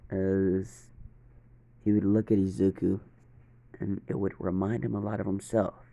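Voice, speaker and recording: A man narrating a fan fiction story in a steady, monotone way. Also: sits low, slow pace, gravelly, pauses often.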